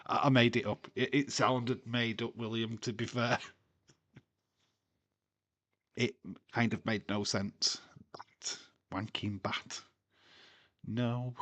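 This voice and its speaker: Slow-talking man with crude humour. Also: mid-range voice, fairly bright tone, dry recording. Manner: crude, jokey, laughs often. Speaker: watchalong streamer. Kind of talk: casual live-stream chat and commentary.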